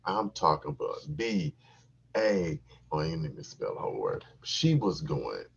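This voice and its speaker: A man hosting a podcast, telling a crude, profane comic story in an animated, repetitive way with a husky voice on a dull, lo-fi recording. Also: rumbling low, normal speed. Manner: animated, crude, repeats himself for laughs.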